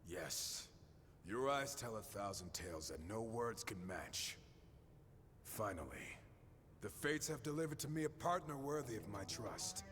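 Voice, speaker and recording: A man's voice: lowish voice, animated, unhurried, fairly bright tone, a little hiss or hum. A grandiose swordsman mentor. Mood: solemn. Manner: solemn, grandiose. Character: earnest self-styled male swordsman mentor. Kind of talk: video game dialogue. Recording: game audio with reverb and music.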